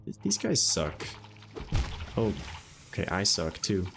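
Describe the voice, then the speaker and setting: A man's voice: deep voice, wildly swooping pitch, slow, fairly bright tone, a little hiss or hum. A young man from the northeastern United States streaming a video game, chatting in a rambling, easygoing way full of "um"s and "like"s. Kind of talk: casual live-stream commentary while gaming. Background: game music.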